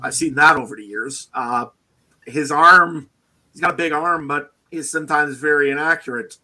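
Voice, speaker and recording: A man co-hosts a sports podcast, offering opinions on players and hedging often with "I mean" and "to be honest." His voice is on the high side, pushed and bright, at a moderate pace, in casual sports chat.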